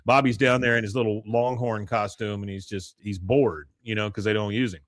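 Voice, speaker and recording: A man's voice: lowish voice, steady tone, brisk, dry recording, studio quality. A man co-hosting a podcast, casually recapping a cartoon episode in a rambling way, often laughing and acting out the characters' lines. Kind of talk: casual chat.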